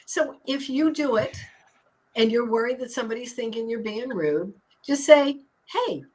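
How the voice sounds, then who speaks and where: An upbeat woman coach talking on a live stream, her voice soft and breathy. She leans on key words and says them again and again, like a teacher. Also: a little high, normal speed. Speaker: anxiety coach and hypnotist.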